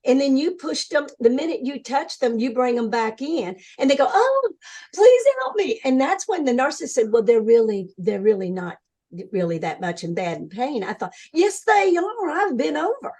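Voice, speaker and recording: An older woman as an interview guest, telling her story in an earnest, animated way and acting out what others said. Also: fairly high pitch, normal speed. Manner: earnest, animated storytelling, acts out quoted voices. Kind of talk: conversational interview.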